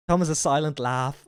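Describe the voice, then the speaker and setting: A man's voice: on the high side, no room sound. Male streamer, crude and profane reaction banter, strained voice, dry close-miked sound. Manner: crude, joking, swears a lot. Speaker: livestreamer.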